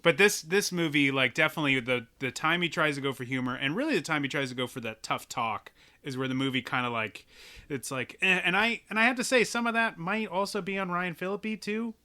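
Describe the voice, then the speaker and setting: Bright-voiced man chatting about films. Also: fairly high pitch, fairly quick. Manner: animated, rambling with restarts, laughs often. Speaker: podcast co-host. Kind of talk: casual film discussion.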